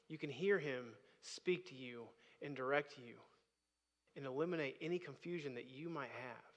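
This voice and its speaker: A man's voice: medium pitch, normal speed. Man, pastor, sermon, conversational with emphatic peaks, long reverb from a large church hall. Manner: conversational preaching, rising to emphatic bursts. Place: church sanctuary.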